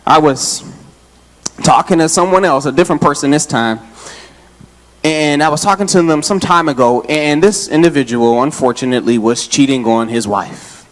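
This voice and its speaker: A man preaching in a church, his voice set a little high for a man. He jokes with the congregation and talks straight to them in a loose, casual way. He sounds out of breath, as if he has been running. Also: moderate pace. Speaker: associate pastor. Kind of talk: lively Father's Day sermon. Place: church sanctuary.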